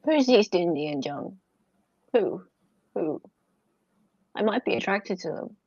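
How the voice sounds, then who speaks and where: Animated woman for casual stream chat, very bouncy pitch, dry close recording. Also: takes it slowly, no room sound. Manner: chatty, animated storyteller with laughs. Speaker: stream co-host. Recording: dull dry lo-fi sound.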